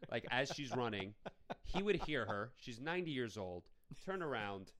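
A man's voice: medium pitch, big pitch swings, normal speed, a bit bright. Sarcastic man ranting about a movie. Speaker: podcast co-host. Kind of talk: casual movie review chat.

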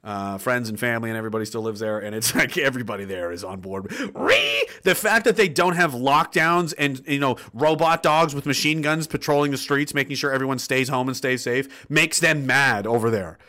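A man's voice: medium pitch, brisk, few pauses. A man from Nova Scotia hosting a livestream, ranting sarcastically and reading viewer comments aloud. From Nova Scotia, Canada. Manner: sarcastic, animated, swears, laughs often. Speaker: livestream host reading chat.

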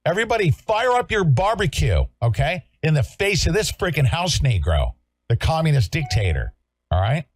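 A man from California hosting a talk show, ranting loudly and sarcastically in a combative way. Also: a little high, sing-song, moderate pace, no echo. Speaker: show host. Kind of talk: heated talk-show rant.

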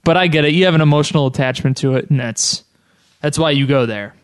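A man's voice: a little high, fast, smooth, no echo, clean studio sound. A man hosting a podcast, chatting casually and enthusiastically in loose, rambling phrases. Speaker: podcast host. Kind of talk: casual chat.

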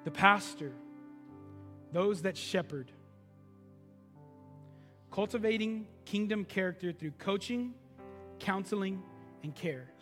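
A man's voice: high voice, takes it slowly, long pauses, in a large hall, faint music behind. A man preaching a sermon as pastor, telling stories in a loose, conversational way. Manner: conversational storytelling preaching, animated.

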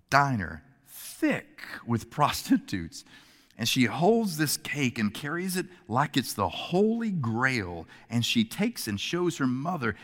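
A male preacher telling a story in a sermon, animated, shifting his voice to act out the characters, heard in a church hall. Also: mid-range voice. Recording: long hall reverb.

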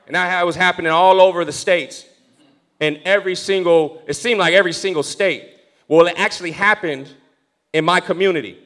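A young man preaching, telling a story from the pulpit and moving between hushed, prayerful passages and loud, excited ones. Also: sits high, fairly quick. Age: young adult. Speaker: pastor. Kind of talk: sermon storytelling.

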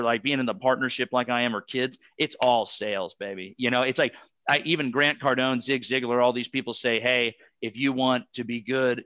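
Bright-voiced rambling male podcast guest. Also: medium pitch, no room sound, dull audio. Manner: rambling, filler-heavy storytelling. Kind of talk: casual podcast chat.

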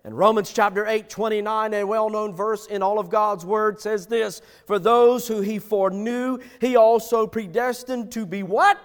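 A man's voice: high voice, steady tone, moderate pace, hardly any pauses. A middle-aged male pastor preaching a sermon with emphatic, repetitive phrasing. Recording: long hall reverb.

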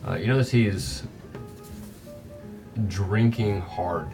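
A man's voice: deep voice, slow. Casual male game master, off-mic. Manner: casual, hesitant, sweary. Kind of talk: narrating a tabletop game. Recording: distant mic with faint music.

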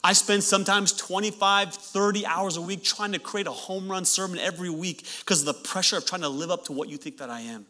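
A pastor in his thirties preaches with a very bright, forceful tone that sits a little high for a man. He delivers his sermon in an animated way, mixing earnest points with joking asides to the congregation. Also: brisk, few pauses.

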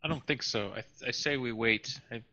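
A man speaks in character during a tabletop game, cautious and a little hesitant. His voice is strikingly bright and sharp. The mic sounds dull and lo-fi. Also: mid-range voice, fairly quick. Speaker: player. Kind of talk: in-character tabletop role-play.

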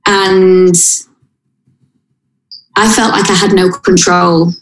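A woman telling a painful personal story in an interview, halting and emotional, with frequent restarts. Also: medium pitch. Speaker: interview guest. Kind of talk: personal account in conversation. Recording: roomy echo.

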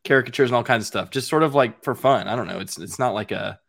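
A man's voice: medium pitch, fast talker, gravelly, a bit bright, dry recording, clean studio sound. A man, a father, chatting casually on a podcast, rambling with repeated words and self-mocking humor. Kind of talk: casual chat.

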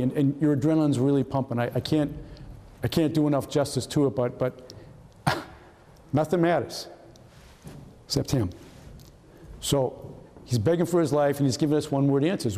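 A man's voice: mid-range voice, moderate pace, long pauses, dark tone, big-room sound. A man in his seventies from Massachusetts, giving a storytelling talk with slides in a casual way. He often repeats words and acts out dialogue. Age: 70s. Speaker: retired FBI agent giving a talk.

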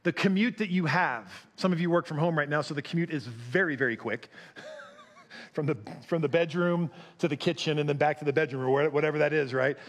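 A man's voice: a little high, a little fast. A man preaching a sermon as pastor, conversational, asking the congregation questions and acting out quotes.

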